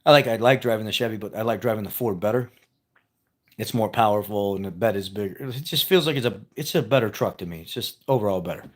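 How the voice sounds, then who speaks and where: A man's voice: lowish voice, fast. A man telling a personal story in a casual, rambling way, repeating himself and chuckling as he goes. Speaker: vlogger.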